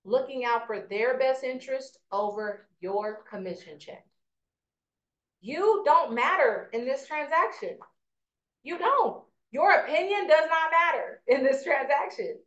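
Animated middle-aged woman teaching a class. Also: sits high, a little slow. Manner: animated storyteller, asks "right?" often. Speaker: real estate trainer. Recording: echoey lo-fi room recording.

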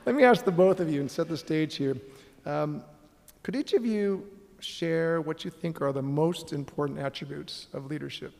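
A man's voice: on the high side, gravelly, darkish tone. A middle-aged man moderating a conference panel, earnest and upbeat, with fillers between his points. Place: large conference hall stage. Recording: long hall reverb.

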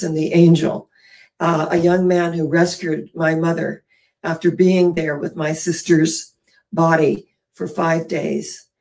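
A middle-aged woman minister telling an emotional personal story in a sermon, earnest and dramatic with pauses. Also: on the low side, darkish tone.

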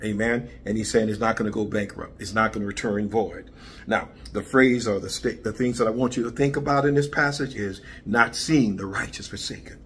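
A pastor preaching a sermon, a man who moves from calm teaching to shouted praise with frequent hallelujahs. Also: a little fast, a little hiss or hum. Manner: builds from low teaching talk to shouted praise, interjecting hallelujah.

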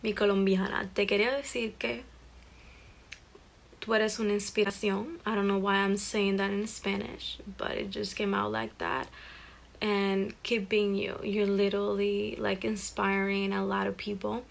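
A woman's voice: medium pitch, level tone, moderate pace, creaky. A teenage girl recording a heartfelt, rambling birthday message to a close friend, talking earnestly and a little self-consciously.

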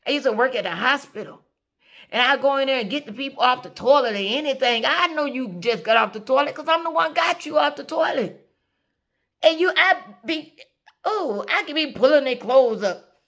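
A woman, ranting to camera in an emphatic, scolding way, sometimes dropping to a low whisper for emphasis. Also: expressive, normal speed, a bit bright. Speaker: vlogger. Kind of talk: direct-to-camera rant.

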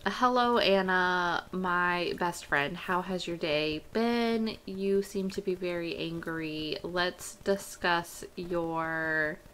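A woman's voice: fairly low pitch, steady tone, slow, hardly any pauses, fairly bright tone, slight background noise, rough recording. A woman voicing a cheerful pregnant sim mom. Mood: chatty.

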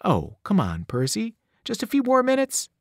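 A man's voice: sits high, huge pitch swings, moderate pace, dry recording, clean studio sound, pitched above the performer's own voice, full character voice. A man voicing an impatient teenage girl. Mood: dismissive. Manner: impatient and dismissive. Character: distracted sharp-tongued teenage girl.

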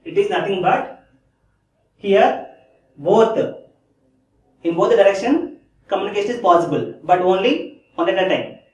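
A man's voice: high voice, lively intonation, moderate pace, pauses often. A man giving a lecture in a classroom style who repeats key phrases and keeps checking that listeners follow. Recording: echoey room, distant mic.

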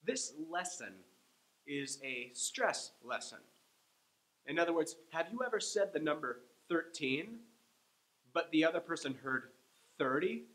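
A male English teacher gives a pronunciation lesson at an unhurried pace, stressing syllables with emphasis. His voice sits a little higher than most men's. He says each word twice so listeners can copy him. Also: big pitch swings, fairly bright tone, rough recording. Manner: slow, emphatic, repeats words for practice.

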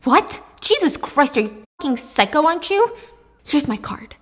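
A woman voicing a rude, arrogant rich man who shouts curses. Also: very high-pitched, very animated, moderate pace, pitched above the performer's own voice. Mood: furious.

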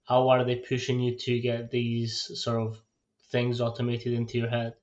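A man interviewing a boxer, asking relaxed questions and giving short backchannels. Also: mid-range voice, moderate pace. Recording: dull lo-fi sound.

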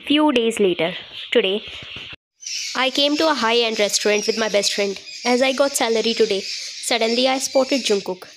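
A woman's voice: fairly high pitch, moderate pace, noisy background. A woman narrating a fan-fiction audio story in the first person, in a plain, matter-of-fact way.

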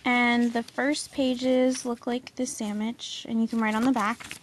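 Young woman doing a haul vid, bubbly and gushy, kinda high voice, bit of hiss behind. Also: a little slow. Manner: gushing, excitable, lots of "like" and "oh my god". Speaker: vlogger showing a haul. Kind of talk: casual haul video.

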